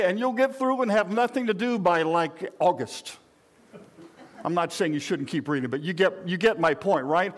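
An older man preaching a sermon to his congregation, conversational and rambling, with frequent restarts and asides. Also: high voice. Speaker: pastor.

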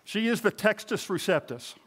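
A man's voice: high-pitched, expressive, normal speed, fairly bright tone, slightly rough. A middle-aged man, a pastor, preaching a sermon in a conversational, self-deprecating way with touches of humor.

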